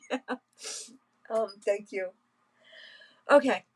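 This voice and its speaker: A woman hosting a craft live stream, chatting casually and emotionally with many pauses and soft laughs. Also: fairly high pitch, husky, poor audio. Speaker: craft livestream host.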